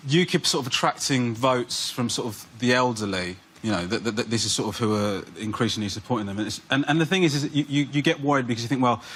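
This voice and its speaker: A man's voice: mid-range voice, quick pace, few pauses, a bit bright. A man on a comedy panel, rambling through a joke with lots of hesitant fillers. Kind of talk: stand-up style panel jokes.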